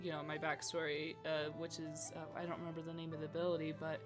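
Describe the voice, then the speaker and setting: Low-voiced woman tabletop player. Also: monotone, fast talker, over music. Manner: hesitant, many fillers, giggly. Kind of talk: casual tabletop game talk.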